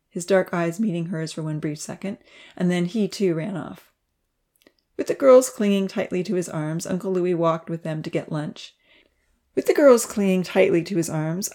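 A woman narrating a children's storybook in a gentle, even read-aloud manner. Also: fairly low pitch. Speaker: audiobook narrator.

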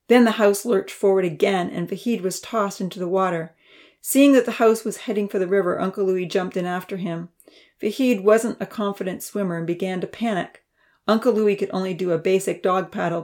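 A woman narrating a children's storybook, voicing the characters with a higher pitch and dropping to a whisper for quiet thoughts. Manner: reads characters' lines with raised pitch and soft whispers.

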